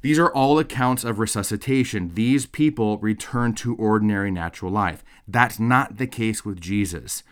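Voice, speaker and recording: A man's voice: on the low side, normal speed, hardly any pauses. A man giving a recorded theology lecture in a conversational way, often checking in with "okay?" and "right?". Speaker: course lecturer.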